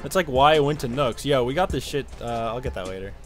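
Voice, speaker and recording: A young man giving casual, profane commentary while streaming a game, with frequent loud outbursts. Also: mid-range voice, expressive, quick pace, soft background music. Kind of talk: casual live gameplay commentary.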